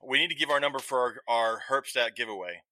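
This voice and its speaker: A man's voice: mid-range voice, fast, bright, forceful tone, no echo, poor audio. A man from the American South co-hosting a podcast in casual chat, blunt and self-mocking. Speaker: podcast co-host.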